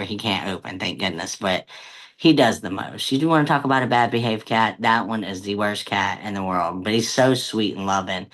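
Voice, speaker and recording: A woman co-hosting a podcast in casual chat, an animated storyteller who acts out little voices for her pets. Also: a bass voice. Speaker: podcast co-host.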